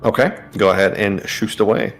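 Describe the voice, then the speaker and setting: A man narrating a tabletop game as game master, relaxed and hesitant, with many fillers. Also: on the low side, moderate pace, vocal fry, faint music behind.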